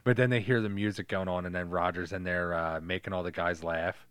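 A man's voice: low-pitched, brisk, clear, resonant tone, dry recording. A man hosting a podcast, chatting casually and profanely as he acts out movie scenes. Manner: animated, swears a lot, acts out scenes. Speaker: podcast host. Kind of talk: casual chat retelling a movie.

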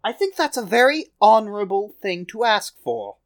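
A man's voice: high voice, wildly swooping pitch, normal speed. A man playing a tabletop game, eager and stammering as he talks in character. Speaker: player.

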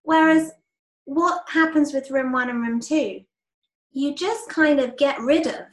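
A woman co-host speaking enthusiastically in casual conversation, quick to affirm the other speaker. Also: high voice. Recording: echoey room.

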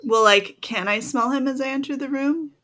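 A woman playing a tabletop game, chatting her character's actions in an unhurried way with lots of fillers. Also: high-pitched, fairly bright tone. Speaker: player. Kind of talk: casual tabletop game play.

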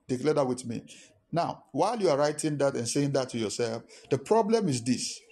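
A man preaching a lively sermon as pastor, repeating phrases and leading call-and-response. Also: mid-range voice.

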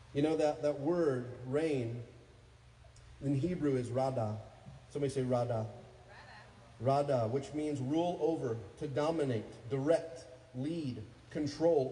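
A man in his thirties preaching a sermon as pastor, calling out to the congregation and building to loud, fervent peaks. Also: medium pitch, slight background noise. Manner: energetic preaching, calls for responses, rises to loud peaks. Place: church sanctuary. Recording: echoey hall, faint ambience.

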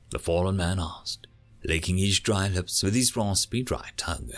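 A man narrating a story in a slow, expressive reading. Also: low voice, faint music behind. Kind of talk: audiobook narration.

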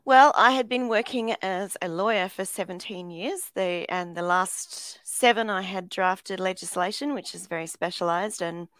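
Brief: Australian woman, interview guest, thoughtful storyteller, mid pitch, dry recording. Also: moderate pace, few pauses, fairly bright tone, clear, resonant tone, dry recording. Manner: reflective, candid storytelling. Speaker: guest, motivational speaker, former lawyer.

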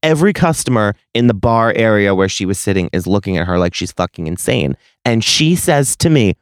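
A man's voice: fairly low pitch, expressive, fairly quick, hardly any pauses, smooth, no echo, clean studio sound. A man in his late twenties hosting a solo podcast, telling a story in a profane, exasperated, sarcastic rant. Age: late 20s. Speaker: podcast host.

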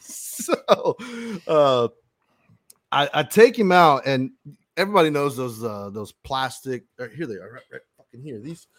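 A man's voice: mid-range voice, animated, measured pace, fairly bright tone, no room sound, clean studio sound. Profane, rambling male podcast host. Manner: rambling, profane, with frequent restarts. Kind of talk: casual storytelling chat.

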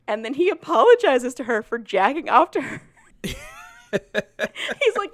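A woman's voice: sits high, takes it slowly. A woman chatting casually on a podcast, retelling a story with lots of "like" and frequent laughter. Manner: animated, laughs often, full of "like".

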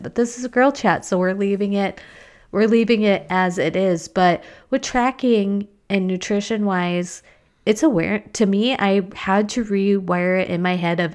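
A woman's voice: mid-range voice, clear, resonant tone. A woman in her thirties, a mom and podcaster, in a candid, chatty talk full of "like". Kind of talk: casual chat.

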